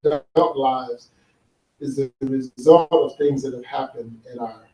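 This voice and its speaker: A man with a medium-pitched voice and fairly even intonation speaks a little slowly, giving an earnest conference talk on men's healing amid a loud crowd. He tells stories and asks the audience questions in a large hall. The recording is echoey, with the speaker far from the mic.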